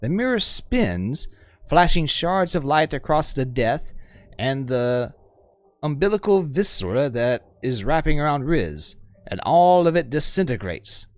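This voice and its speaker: A male game streamer, chatty and self-mocking, reading the story aloud with a lively, rising pitch. His voice sits a little high and sounds dry and close to a desk mic. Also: a little slow, dry recording.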